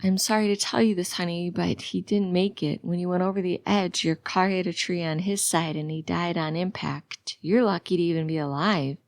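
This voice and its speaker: A woman's voice: fairly low pitch, steady tone, moderate pace, few pauses, no room sound, lightly acted. A woman reading the lines of a petite nurse who talks in a soothing, sing-song way.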